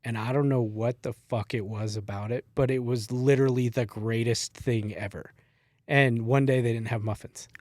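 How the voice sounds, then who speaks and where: Guesting on a podcast, a middle-aged man who used to fight wildland fires spins relaxed stories, laughing often and cursing without restraint. He has a mid-range, darkish voice with fairly even intonation and a moderate pace, recorded dry at studio quality.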